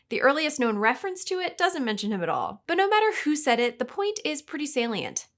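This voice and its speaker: Woman host, scripted explainer read, wry and playful, high, bouncy delivery. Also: a bit bright.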